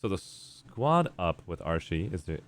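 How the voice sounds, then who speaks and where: A man's voice: low voice, sing-song, a little slow. A male game streamer chatting casually, reading out chat messages and rambling in response.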